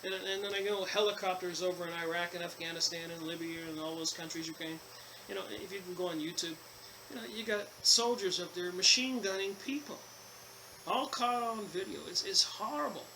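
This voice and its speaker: High, bright-voiced man rambling over a book. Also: a little fast, slight background noise, poor audio. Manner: rambling, repeats himself, many fillers and restarts. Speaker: channel host reading and commenting on a book. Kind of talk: casual book commentary mixing reading aloud and rambling asides.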